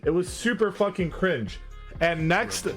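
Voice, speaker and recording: A man's voice: high voice, measured pace, fairly bright tone, faint music behind. A young man co-hosting a casual gaming chat, telling rambling, profane stories.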